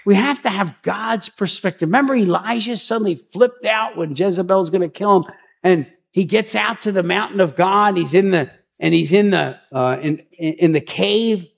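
Husky, gravelly man preaching casually. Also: sits high, moderate pace. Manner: chatty and rambling, with frequent restarts and asides. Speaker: pastor. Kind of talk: conversational sermon.

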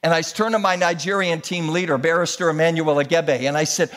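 60s pastor guy preaching, high voice, lively storytelling, gets fired up. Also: a little fast. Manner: animated storytelling preacher, rising to exhortation. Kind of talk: sermon.

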